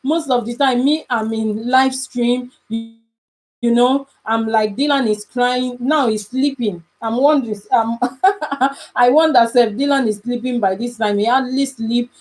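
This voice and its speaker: A woman's voice: fairly high pitch, a little slow, darkish tone, rough recording. A young woman with a Nigerian English accent, chatting casually on a live stream as a mother, emphatic and repetitive, often pleading.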